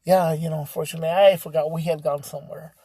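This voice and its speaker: Mellow man rambling through a story. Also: a little high, fairly even intonation, quick pace, husky, no echo. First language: bilingual English and Spanish speaker. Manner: rambling, full of "you know" fillers. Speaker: podcast storyteller. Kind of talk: casual spoken storytelling.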